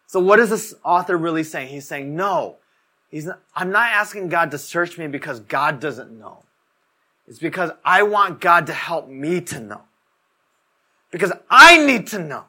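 Speaking at a measured pace, a young man gives a relaxed, chatty sermon in a fairly high, expressive voice that is pushed and bright. He tells stories and keeps dropping "like" into his talk.

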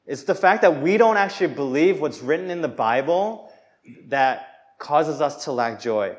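A man's voice: fairly high pitch, expressive, moderate pace. A young adult man preaching a sermon in a casual, conversational way, with fillers and restarts, acting out quoted voices. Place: Hong Kong.

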